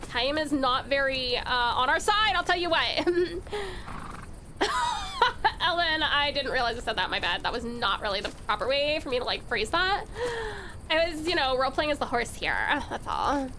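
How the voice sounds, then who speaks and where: A woman's voice: high voice, expressive, fairly quick, bright, forceful tone, slight background noise. A young woman streaming a game, chatting with her viewers, giggling often and swearing freely. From Tasmania, Australia. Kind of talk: casual game-stream commentary.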